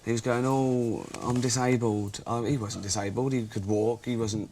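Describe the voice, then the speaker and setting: A man's voice: lowish voice, fairly even intonation, fairly quick, a little mellow, slight background noise. An English man in his thirties giving a blunt, mock-ignorant comic news monologue. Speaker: comedy news presenter.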